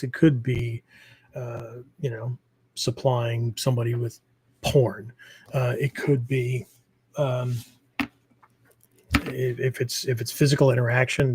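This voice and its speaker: A slightly mellow, medium-pitched male voice with a breathy edge, recorded dry, belongs to a man hosting a martial arts podcast. He explains things in loose, rambling casual teaching talk, sprinkling in lots of fillers and asking "okay?" again and again.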